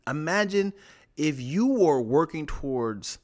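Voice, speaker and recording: A young man in casual podcast chat, animated and acting out little voices as he talks. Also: fairly high pitch, unhurried. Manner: animated, acts out voices in his stories.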